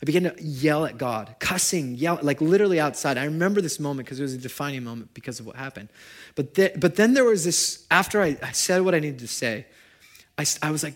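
A man preaching a sermon at a church gathering, talking casually and shifting between loud, animated stretches and hushed, quiet ones. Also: fairly high pitch, quick pace. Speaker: pastor.

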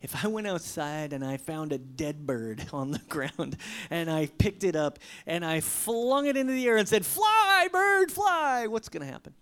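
A pastor preaching a sermon with emphatic delivery, swinging from loud, high bursts to hushed, almost whispered lines. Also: animated, normal speed.

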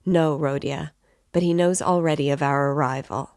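A woman's voice: low voice, fairly even intonation, moderate pace, darkish tone, no room sound, studio quality. A woman voicing an anxious, tearful middle-aged mother who speaks timidly and pleadingly.

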